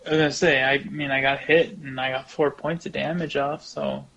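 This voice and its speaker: A man's voice: medium pitch, flat delivery, moderate pace, vocal fry, lo-fi sound, crowd noise. A man playing a tabletop role-playing game, brash and swearing freely in casual banter. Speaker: player.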